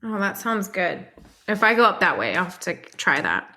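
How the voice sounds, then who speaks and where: A woman's voice: mid-range voice, sing-song, moderate pace, pushed and bright, poor audio. A woman co-hosting a podcast, chatting casually in an upbeat way and laughing often. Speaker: podcast co-host. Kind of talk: casual chat.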